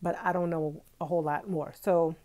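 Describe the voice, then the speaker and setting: A woman in her forties, originally from Brooklyn, talks into a handheld phone in a relaxed live chat with her viewers. Her voice is warm and mellow. She laughs easily and keeps answering comments as they come in. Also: on the low side, brisk. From Brooklyn, New York. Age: 40s. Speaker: vlogger. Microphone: phone held in hand.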